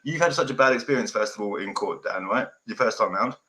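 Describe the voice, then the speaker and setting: A man in casual chat speaks forthrightly, swearing and calling his partner mate. His voice is bright and sharp-edged. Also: on the low side, lively intonation, quick pace, rough recording. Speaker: family law consultant and podcast host.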